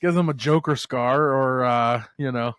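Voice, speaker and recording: A man's voice: medium pitch, measured pace, a bit bright, smooth, no echo, clean studio sound. A man hosting a casual movie-review podcast, rambling and swearing as he retells scenes. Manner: rambling, swearing, acts out lines with laughs. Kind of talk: casual chat.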